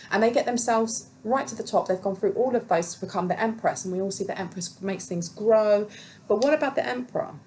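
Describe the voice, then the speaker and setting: A woman's voice: on the low side, darkish tone, slight background noise, low-quality recording. A woman giving a solo tarot reading, musing aloud and questioning the cards as she goes. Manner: musing, talks to herself and the cards. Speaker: tarot reader.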